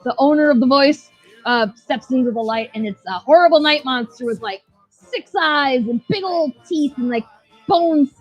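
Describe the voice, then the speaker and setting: In this dull, lo-fi recording with faint background music, a woman co-hosts a podcast and chats about a show she's reviewing. Her voice is high and her pace moderate, and she rambles, curses freely, and laughs while recounting scenes.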